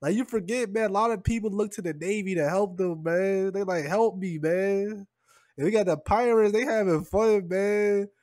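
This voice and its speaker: Slangy high-voiced man recapping casually. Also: normal speed, few pauses, darkish tone, dry recording, clean studio sound. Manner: slangy, loose, peppers lines with "man" and "bro". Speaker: manga chapter reviewer.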